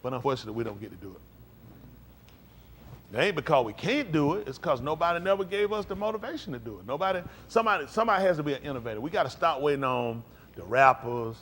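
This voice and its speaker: A fast-talking man with a slightly high voice delivers an emphatic, conversational sermon over a live stream, and his congregation calls back in response. He is animated, moving between soft and loud passages, and there's a little hiss or hum in the recording.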